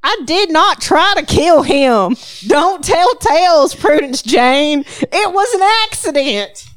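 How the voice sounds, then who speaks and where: A woman voicing a touchy great-aunt of nearly a hundred, shrill and loud, with an exaggerated Southern accent. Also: animated, slow, no echo. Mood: indignant.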